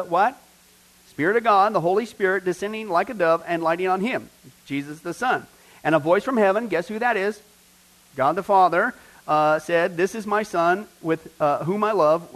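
With an emphatic, high voice, a male pastor leads a Bible study, stressing key words loudly and posing questions to the class that he answers himself. The recording quality is low.

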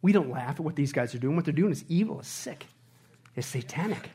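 High-voiced animated preacher man. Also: fairly quick, slightly rough. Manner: animated, rhetorical, keeps asking "right?"; swings from hushed to loud and emphatic. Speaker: pastor. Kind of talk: sermon. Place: church service before a congregation.

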